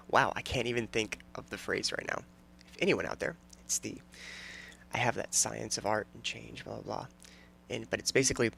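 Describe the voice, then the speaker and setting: A man's voice: fairly low pitch, creaky, sharp tone, slight background noise. A man in his thirties hosting a casual solo podcast, rambling, joking and often restarting his sentences. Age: 30s. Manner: rambling, self-interrupting and jokey. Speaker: podcast host.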